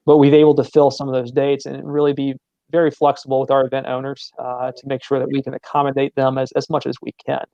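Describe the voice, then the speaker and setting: A man's voice: medium pitch, monotone, quick pace, creaky, mellow, no echo, dull audio. A man with a Southern American accent, a sports center manager explaining his venue at length in an interview, with many fillers and repeated words.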